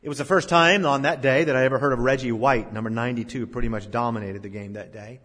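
A middle-aged male pastor preaching a sermon, swinging between loud emphasis and hushed drops. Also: medium pitch, fairly even intonation, quick pace. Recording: long hall reverb.

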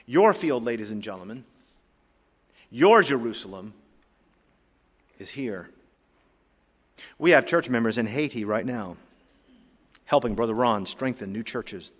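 A male pastor preaching a sermon with emphatic rises and drops in loudness, in a church sanctuary. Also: mid-range voice, breathy edge. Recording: long hall reverb.

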